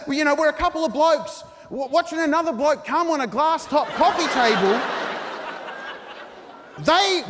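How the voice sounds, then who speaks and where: High-voiced man ranting on stage. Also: fairly bright tone. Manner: mock-earnest, ranting delivery. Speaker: stand-up comedian. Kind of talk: stand-up comedy set. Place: large theatre stage. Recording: live hall recording with reverb.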